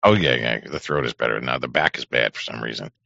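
Male host, very deep and gravelly, relaxed and folksy, bright edge, dry muffled audio. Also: fast talker, dry recording. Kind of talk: casual chat.

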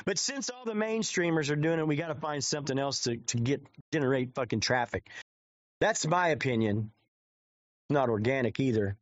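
A man's voice: medium pitch, expressive, moderate pace, dry recording. Crude, rambling streamer man, lo-fi sound. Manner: crude, rambling, swears constantly. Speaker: live streamer. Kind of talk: profane off-the-cuff stream commentary. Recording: dull lo-fi dry sound.

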